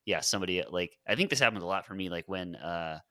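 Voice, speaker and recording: Low-voiced guy, bright edge, musing slowly with tons of likes, dry close mic. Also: no room sound. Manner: reflective, halting, heavy filler use. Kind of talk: casual chat.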